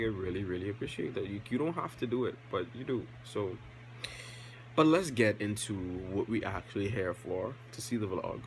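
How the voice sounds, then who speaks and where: A man's voice: lowish voice, a little hiss or hum, poor audio. A young man with a casual, rambling way of talking, vlogging to camera and filling gaps with many ums. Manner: relaxed, rambling, self-aware, with many fillers. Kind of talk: casual vlog talk to camera.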